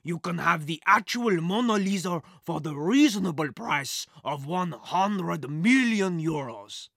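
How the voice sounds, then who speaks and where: A storybook reader voicing a crooked adult male office boss who makes a slow, smooth deal. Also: medium pitch, expressive, a bit bright, no echo, studio quality. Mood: smug. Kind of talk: audiobook character voice.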